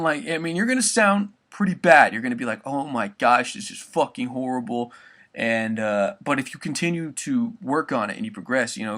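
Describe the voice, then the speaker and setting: A young man explains a vocal technique in a loose, rambling way, dropping swear words as he goes, like a vocal tutor giving a casual spoken tutorial. His voice is bright and forward, at an ordinary pitch for a man.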